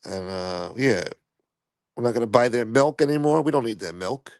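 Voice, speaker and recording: A man's voice: mid-range voice, expressive, moderate pace, darkish tone, dry recording. A man hosting a casual live stream, answering viewer comments in a profane, rambling, blunt way.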